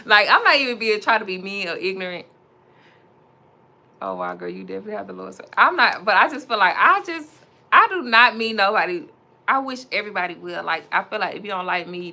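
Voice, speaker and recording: A young woman entrepreneur livestreams as she styles a wig, chatting animatedly and casually with viewers and often laughing. Her voice is medium-pitched with a sharp tone.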